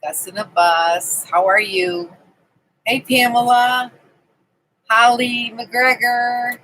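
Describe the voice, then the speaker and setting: A woman's voice: fairly high pitch, steady tone, slow, a bit bright, slight background noise, low-quality recording. A woman hosting a casual live stream from her camping trailer, chatting and greeting viewers by name. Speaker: livestream host.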